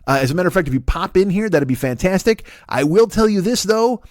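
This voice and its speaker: A man voicing jovial gatekeepers of heaven, breezy and loud. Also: high voice, animated, fast, dry recording, clean studio sound, pitched above the performer's own voice. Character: chummy heaven gatekeeper men.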